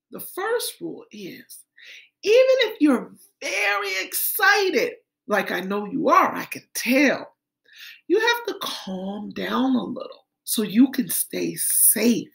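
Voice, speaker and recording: A woman teacher speaking to little kids in a high voice. She takes her time, drawing out each step in a gentle, sing-song way. She calls her young listeners friends as she walks them through the lesson. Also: very animated, takes it slowly, vocal fry. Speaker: kindergarten teacher. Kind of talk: social-emotional lesson for young children.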